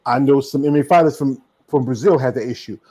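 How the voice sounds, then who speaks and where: A man's voice: mid-range voice, fast talker, dark tone, breathy edge, low-quality recording. A man with a Southern US accent hosting a podcast in casual chat, rambling with many fillers and restarts. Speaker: podcast host.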